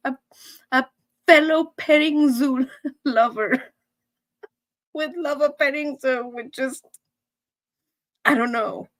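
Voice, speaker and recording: A middle-aged woman with a high, slightly bright voice chats casually with viewers while hosting her weekly live show. She giggles and laughs between nearly every line, and the recording is close and dry, with no room echo.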